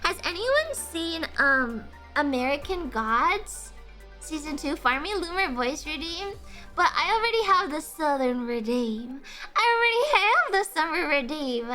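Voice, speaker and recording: A woman hosting a casual live stream, chatting with viewers in an animated, profane, ranting way, often breaking into laughter. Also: high voice, measured pace, music in the background. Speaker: livestream host.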